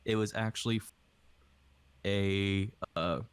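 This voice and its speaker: A man's voice: fairly low pitch, fairly even intonation, takes it slowly, clean tone. A young man from Hawaii, an aspiring voice actor, chatting casually in a rambling way over a voice call. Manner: rambling, casual, with many fillers. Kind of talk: casual podcast chat.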